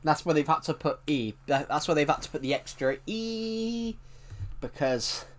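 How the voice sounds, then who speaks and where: A man's voice: on the high side, animated, normal speed, a little hiss or hum. A man chatting casually on a live stream, rambling and correcting himself, with a tickly throat that keeps him coughing.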